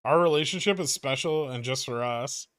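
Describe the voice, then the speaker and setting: A man hosts a casual livestream and reads viewer messages aloud. He answers them with irreverent jokes and swears freely. His voice sits at a middling pitch, and the sound is dry with no room echo. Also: normal speed, fairly bright tone, clear, resonant tone. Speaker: livestream host. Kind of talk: casual livestream chat reading.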